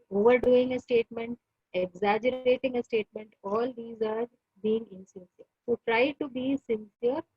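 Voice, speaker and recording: Husky Indian-accented woman lecturing. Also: a little high, no room sound, dull audio. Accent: Indian English. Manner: repetitive, pauses with many fillers. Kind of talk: online class lecture.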